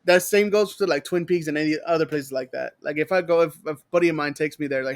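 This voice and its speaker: On a dry recording, a man with a Texan accent co-hosts a podcast, talking fast in a slightly high voice with few pauses. In casual chat he rambles, curses, tells stories and mimics people.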